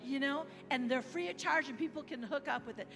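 An American woman preaching as a guest missionary, animated, leading the congregation in call-and-response. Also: sits high, brisk. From United States. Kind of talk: sermon. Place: large church hall. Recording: church hall reverb with music.

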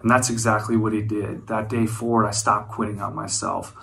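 Earnest man telling his story, bright voice. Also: on the low side, flat delivery, brisk, gravelly, low-quality recording. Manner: earnest, reflective storytelling with frequent restarts. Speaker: guest speaker, former wildland firefighter. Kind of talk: personal testimony speech.

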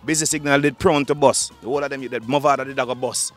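A man with a Jamaican accent, a dancehall artist talking fast in animated patois in an interview. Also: medium pitch, soft background music. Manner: fast animated patois, frequent "dog" and "you understand".

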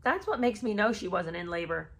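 A woman reads passages from a memoir in a plain, steady voice, then cuts in with her own sarcastic, disbelieving commentary. She is a podcast host talking straight to her listeners. She sounds like a mother of three who has no patience for nonsense. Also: medium pitch, brisk. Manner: sarcastic, incredulous asides between read passages. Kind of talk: reading a memoir aloud with commentary.

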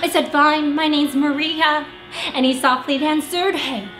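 A young woman singing a musical theatre song as a shy girl smitten with a barista, in dreamy, drawn-out phrases. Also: high-pitched, fairly even intonation, a bit bright. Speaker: auditioning actor. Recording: echoey room, faint music.

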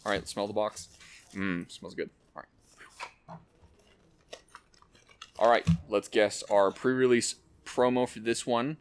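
A man hosting an unboxing, excitedly calling out card names and cracking quick jokes as he goes. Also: on the low side, a little hiss or hum. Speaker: host opening card packs. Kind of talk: casual unboxing commentary.

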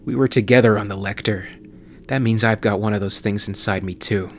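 A man's voice: lowish voice, fairly even intonation, a little fast, slight background noise, lightly acted. A man reading an audiobook voices a cynical, short-tempered male pilot who turns sarcastic and raises his voice. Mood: desperate bitter.

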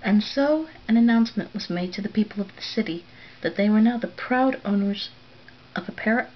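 A woman reading a story aloud, softly and often near a whisper. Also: mid-range voice, lo-fi sound, a little hiss or hum. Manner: soft, often drops to a whisper for narration.

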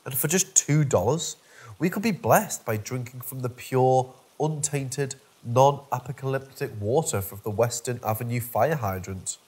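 A man's voice: mid-range voice, a little mellow, slightly rough. A man narrating a first-person horror story from a script, in a dry, wry storytelling manner.

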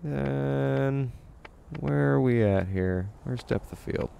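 In casual let's-play commentary, a chatty young gamer pokes fun at himself while streaming. He talks slowly in a mid-range, creaky, dark-toned voice, and there's a little hiss or hum.

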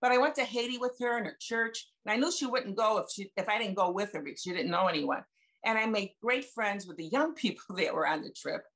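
A woman's voice: medium pitch, brisk, a bit bright. Chatty woman in her seventies telling stories. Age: 70s. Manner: chatty, folksy, retells conversations with emphasis. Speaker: guest speaker sharing testimony. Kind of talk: personal testimony storytelling. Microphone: video call.

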